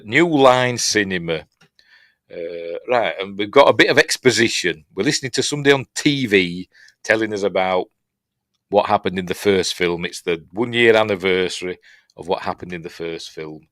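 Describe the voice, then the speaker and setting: Chatty Yorkshire man, low dry voice. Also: a bit bright, no room sound. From Yorkshire, England. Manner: chatty, self-mocking, many fillers and restarts. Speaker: film review host. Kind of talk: casual rambling film breakdown.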